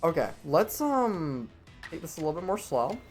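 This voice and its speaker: A man commentating his own live gameplay stream, talking to himself and the game with quick reactions. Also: fairly high pitch, sing-song, faint music behind.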